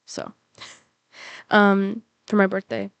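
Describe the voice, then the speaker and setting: A woman's voice: medium pitch, sing-song, very slow, creaky, clean tone, no room sound, highs cut off. A young woman chatting casually and rambling as a K-pop reaction vlogger, with lots of fillers and restarts, and emotional at times. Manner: emotional, on the verge of tears. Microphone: computer mic.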